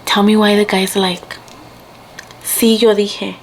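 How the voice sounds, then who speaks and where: Young woman chatting storytime-style while getting ready, mid pitch, bit of hiss behind. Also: little pitch movement, slow. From Mexico. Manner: chatty, switches between English and Spanish. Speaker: vlogger.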